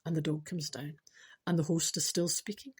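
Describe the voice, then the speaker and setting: A woman's voice: deep voice, steady tone, normal speed, a little mellow, slightly rough. A Scottish woman telling a story casually to an audience, chatty with rambling asides and laughs at herself. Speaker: storyteller host.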